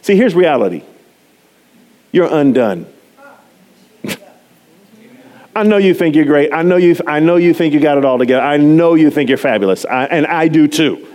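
A man preaching a sermon, animated and chatty, often laughing and poking fun at himself as he talks to the congregation. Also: on the high side, normal speed, pauses often. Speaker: pastor.

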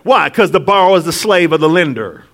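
High-voiced guy preaching, goes quiet then loud, laughs a lot. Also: fast talker. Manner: animated preaching, swings from hushed to shouting, laughs often. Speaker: pastor. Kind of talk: sermon.

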